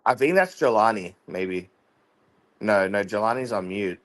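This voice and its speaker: A man's voice: on the low side, lively intonation, unhurried, background noise. A man hosting a casual online panel chat, asking curious questions over a video call. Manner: curious, asks lots of questions. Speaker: podcast host.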